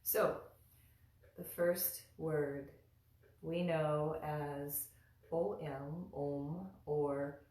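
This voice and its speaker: A patient woman leads a mantra pronunciation lesson, speaking very slowly in a lowish voice. She demonstrates each sound and chants along. The recording is roomy, with her a little away from the mic. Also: fairly even intonation, mellow. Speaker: mantra teacher. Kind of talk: slow guided pronunciation lesson. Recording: roomy echo, from a distance.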